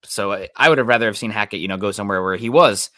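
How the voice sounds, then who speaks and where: A man co-hosting a casual sports talk show, chatting briskly and reading out listener comments. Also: lowish voice, pushed and bright, no room sound, studio quality. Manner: brisk, reads out chat messages.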